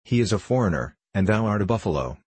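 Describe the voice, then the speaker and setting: Cocky street kid, teasing and brash, husky low voice, as a man reads him. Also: expressive, fast talker, a little mellow, dry recording. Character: bold street boy, cocky and quick.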